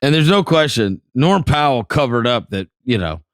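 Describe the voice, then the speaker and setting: A man's voice: mid-range voice, big pitch swings, moderate pace, a bit bright, no echo, studio quality. A man co-hosting a casual basketball podcast, eagerly telling a story and piling on details. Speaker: podcast co-host. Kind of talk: casual sports chat.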